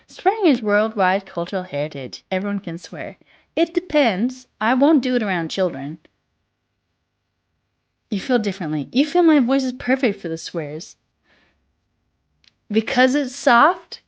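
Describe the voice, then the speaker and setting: A young woman with a soft, childlike voice, a little sick, chatting casually on a stream, reading chat and swearing offhandedly. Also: mid-range voice, very animated, normal speed, highs cut off. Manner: reads chat aloud, swears casually, sings snatches.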